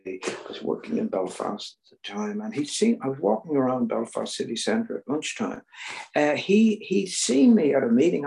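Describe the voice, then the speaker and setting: Older man, Northern Irish accent, gravelly voice, mid pitch, earnest personal testimony, loud then hushed. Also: low-quality recording. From Northern Ireland. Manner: earnest storytelling that swings between loud emphasis and near-whispers. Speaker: recovery meeting speaker.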